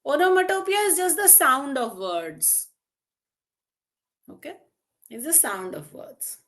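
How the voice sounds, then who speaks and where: A woman's voice: high voice, big pitch swings, fairly bright tone. A woman teaching an online exam-prep lesson, praising students by name and asking the class questions. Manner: slow and deliberate, draws out key terms and examples. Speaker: English teacher.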